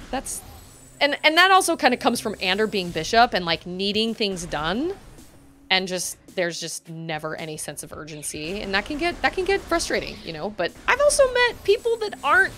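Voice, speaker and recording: A woman's voice: medium pitch, bright, forceful tone. A woman livestreaming a video game, chatting casually and rambling, laughing often. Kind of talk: casual chat while gaming.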